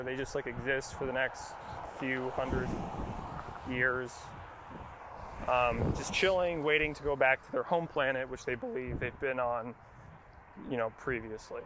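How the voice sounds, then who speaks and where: A young man tells a loose, profane movie recap, full of fillers and shrugging dismissals. He is recorded outdoors, with wind buffeting the mic and traffic noise plainly audible behind him. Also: mid-range voice. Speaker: podcast host. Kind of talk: casual rambling movie recap.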